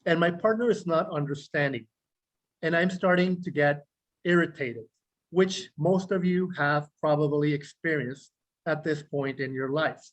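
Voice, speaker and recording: A man, a clinical psychologist, explaining self-regulation to a group in a measured way, listing words slowly and asking questions. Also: fairly high pitch, low-quality recording. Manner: measured, repeats key words in slow lists; speaks directly to listeners, asks rhetorical questions. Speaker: clinical psychologist teaching a meditation class.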